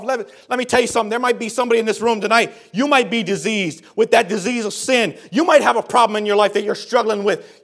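High-voiced preacher swinging loud and soft. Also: male voice. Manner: swings from hushed to shouting, repeats phrases for emphasis. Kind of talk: sermon.

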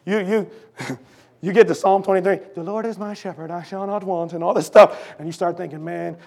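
A middle-aged man preaching a sermon with a sore throat, fervent and emphatic, swinging between shouted lines and low, intense asides as he calls out to the congregation. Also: fairly even intonation, fairly quick, vocal fry.

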